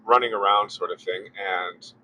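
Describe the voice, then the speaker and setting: Low-voiced man casually telling a story. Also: sharp tone, a little hiss or hum, low-quality recording. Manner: rambling, retelling conversations with lots of fillers. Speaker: car vlogger.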